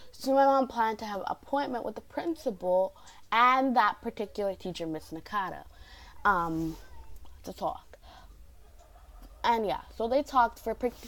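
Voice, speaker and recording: A young woman from Canada, chatting through a long personal story for her vlog. She rambles along casually, pausing on fillers and suddenly switching into lively voices for the people she quotes. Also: medium pitch, rough recording. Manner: chatty, rambling, animated quoting of others. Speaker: vlogger.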